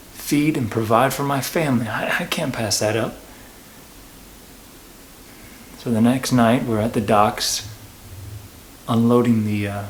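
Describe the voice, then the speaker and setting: A stammering, desperate working-class henchman, played by a man, recounts his ordeal in a mock documentary interview. His voice sits at an ordinary middle pitch, broken by restarts and hesitations. A faint hiss runs underneath. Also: creaky. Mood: rueful. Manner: halting, stammering, full of restarts.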